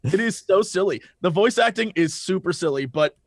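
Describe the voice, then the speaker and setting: A man on a podcast, chatting excitedly about games, swearing and acting out lines of dialogue. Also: sits high, moderate pace, dry recording, studio quality. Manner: excitable, profane, acts out dialogue. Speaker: podcast guest. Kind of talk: casual chat about games.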